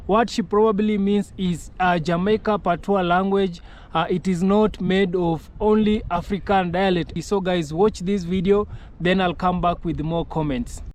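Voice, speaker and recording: A man's voice: high-pitched, steady tone, a little slow, a little mellow. A man from Kenya introducing a commentary video, addressing his viewers in a friendly, direct way. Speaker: commentary channel host. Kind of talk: casual YouTube commentary intro.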